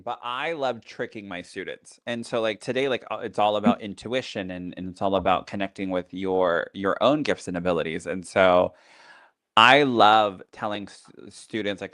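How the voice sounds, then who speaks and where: A man's voice: on the low side, normal speed, fairly bright tone, no room sound, clean studio sound. A man who teaches as a psychic medium, talking casually on a podcast in a chatty teaching tone full of fillers.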